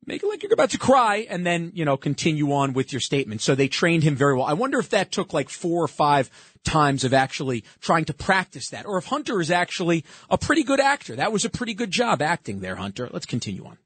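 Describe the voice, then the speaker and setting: A man's voice: fairly high pitch, sing-song, fast, a bit bright, breathy edge, no room sound. A man hosting a talk show, commenting sarcastically on played clips and often cutting in.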